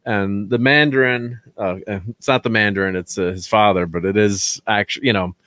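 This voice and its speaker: A man's voice: fairly low pitch, steady tone, normal speed, fairly bright tone, no room sound. A man hosting a casual movie review chat, rambling and laughing often. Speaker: host.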